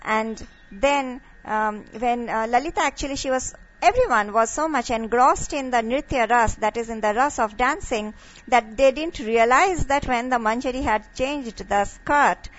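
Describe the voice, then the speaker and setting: A woman telling a devotional story and teaching from it, in a halting way with many fillers and restarts. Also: fairly high pitch. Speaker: devotional speaker. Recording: muffled lo-fi recording.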